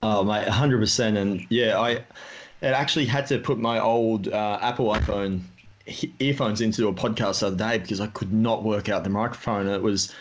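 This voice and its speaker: A man's voice: on the low side, fairly even intonation, normal speed. Chatty man hosting a podcast. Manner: chatty, rambling, many fillers. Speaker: podcast host. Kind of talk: casual interview chat.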